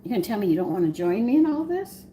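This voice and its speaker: A woman with a Southern US accent talks her viewers through a recipe in a home kitchen. Her voice sits in a middle pitch, and she rambles in a chatty way. Clear noise runs behind her. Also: very animated, very fast, warm tone, poor audio. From American South. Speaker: home cooking host. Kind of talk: live-stream cooking demonstration.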